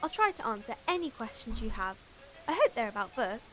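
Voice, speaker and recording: A woman putting on a bright little girl from a game, eager and polite, her voice high and bouncing all over the place. She chirps every line as if greeting a customer. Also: very animated, a little fast. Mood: chirpy. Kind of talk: game dialogue read aloud.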